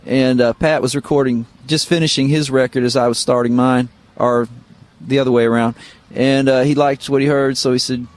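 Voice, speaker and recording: A middle-aged man from Missouri, a guitarist guest, telling relaxed, rambling stories full of fillers in an interview. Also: medium pitch. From Missouri, United States. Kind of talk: casual interview storytelling. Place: radio studio.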